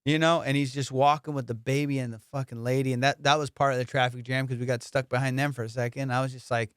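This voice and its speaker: A man hosting a casual comedy podcast, telling stories in an animated, profane way and laughing often. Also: medium pitch, fast talker, clear, resonant tone, dry recording, clean studio sound.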